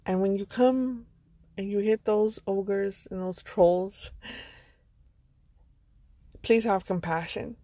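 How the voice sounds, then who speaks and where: A woman's voice: medium pitch, fairly even intonation, slow pace, long pauses, dark tone, no echo. A woman vlogger giving a motivational monologue, earnest and blunt, with some swearing. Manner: earnest, blunt, sprinkled with profanity.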